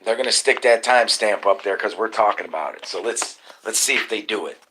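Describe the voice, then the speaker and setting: A man, hosting a live stream and ranting excitably about conspiracies, cursing often and calling to viewers as y'all. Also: fairly low pitch, brisk. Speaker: livestream host. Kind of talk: casual live-stream rant. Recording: noisy live-stream audio.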